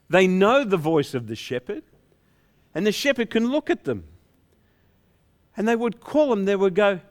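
A male pastor preaching a sermon in a playful storytelling way, acting out the shepherds' dialogue. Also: high-pitched.

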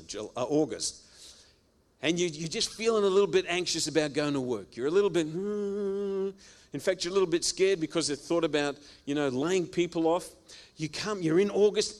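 A male pastor preaching a sermon, emphatic and repetitive, swinging from loud exclamations down to quiet, low phrases.

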